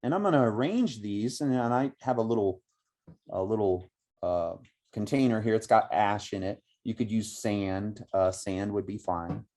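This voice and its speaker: A middle-aged man teaching meditation outdoors, explaining slowly and reflectively with many pauses and restarts. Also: fairly low pitch, warm tone. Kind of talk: spoken meditation instruction. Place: outdoors by woods.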